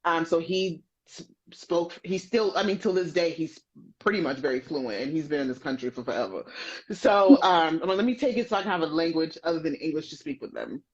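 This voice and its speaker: Lively American woman podcast host. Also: low voice, a little fast, husky. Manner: animated, laughs often, playful asides. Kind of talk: casual interview chat. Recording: dull, muffled audio.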